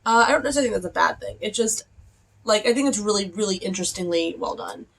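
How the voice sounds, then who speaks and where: A woman's voice: mid-range voice, expressive, fast talker, creaky, fairly bright tone. A young adult woman chatting casually in a reading vlog, rambling along with lots of "like" fillers. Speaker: book vlogger.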